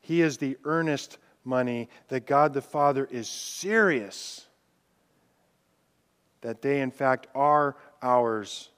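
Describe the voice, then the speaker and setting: A male pastor preaches a sermon in a clear, resonant, medium-pitched voice, alternating between loud declarations and hushed, drawn-out words as he reads scripture aloud with rising intensity. The recording has long reverb from a large hall.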